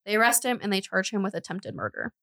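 Podcast lady telling a true crime story, giggles through the dark bits, dry close sound. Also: medium pitch, big pitch swings, fast, no echo. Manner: laughs often while telling grim details.

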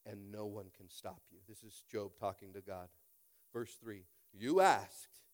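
Animated, high-pitched preaching man. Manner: animated, building to loud emphatic peaks, repeats "are you with me?". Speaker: pastor. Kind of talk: sermon. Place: church sanctuary with congregation.

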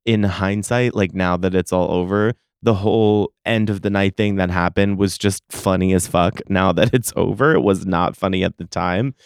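A man's voice: low-pitched, fairly even intonation, moderate pace, hardly any pauses, clear, resonant tone, no room sound, studio quality. A man in his thirties hosting a solo podcast, telling stories in casual chat with profane, dramatic complaints. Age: 30s. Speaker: podcast host.

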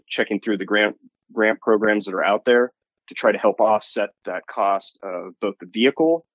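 A man's voice: lowish voice, no echo, muffled recording. A man speaking as an industry analyst in a radio interview, talking loosely with frequent restarts. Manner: rambling, restarts often. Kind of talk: interview answer.

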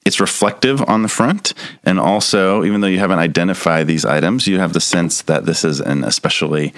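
Deep-voiced man running a tabletop game. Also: dry recording, clean studio sound. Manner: relaxed, halting, with many fillers and restarts. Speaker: game master.

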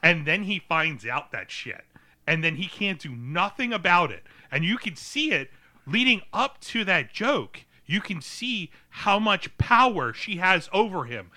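A man talks through a film in loose, casual podcast banter with a very bright, tense edge to his voice. He rambles, doubles back and fills gaps with "um" and "uh," and sits a touch higher than most men. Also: very animated, measured pace. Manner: rambling, full of fillers and restarts. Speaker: podcast co-host. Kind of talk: casual movie review chat.

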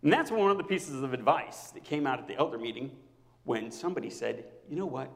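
A man preaching a personal sermon to his congregation as their pastor, swinging between loud outbursts and near-whispers. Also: mid-range voice, expressive, brisk, vocal fry, big-room sound.

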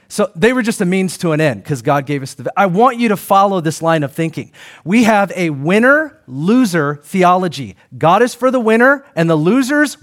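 A man preaching a sermon to his congregation in an animated, conversational way, full of restarts and asides to the crowd. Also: high voice. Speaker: pastor.

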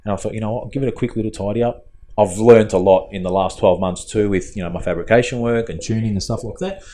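A man's voice: fairly low pitch, fast, warm tone. A man with an Australian accent, co-hosting a casual podcast chat and telling a long rambling story, acting out the quoted dialogue. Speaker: podcast co-host, fabricator and tuner.

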